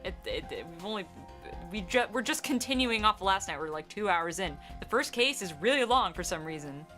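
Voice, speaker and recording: A woman from the northern United States chatting through a game stream, profane and quick with frequent laughs. Her voice is mid-pitched and bright, with faint music underneath. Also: animated. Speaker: let's play streamer, co-host. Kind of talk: casual game-stream chat.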